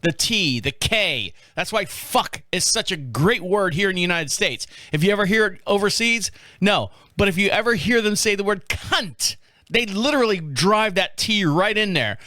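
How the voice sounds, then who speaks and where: A man's voice: high voice, lively intonation, moderate pace, bright, forceful tone, no echo, studio quality. A man hosting a podcast, riffing in a casual, crude, joking way and laughing at his own remarks. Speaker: podcast host. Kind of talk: casual comedic commentary.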